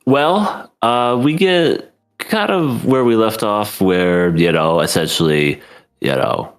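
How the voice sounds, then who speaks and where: Man, podcast co-host, casual anime chat, low pitch, very lively intonation, laughs a lot. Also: slow pace, smooth. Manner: animated, laughs often, acts out characters' lines.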